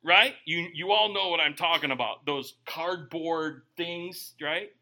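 A middle-aged man preaching a humorous sermon, joking with the congregation and swinging between quiet asides and loud bursts. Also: on the high side, a little slow, background noise. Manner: animated, joking, bursts of shouting.

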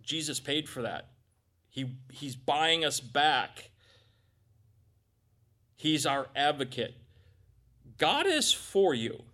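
A middle-aged male pastor preaching a sermon, animated, acting out little voices and swinging from loud to quiet. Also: a little high.

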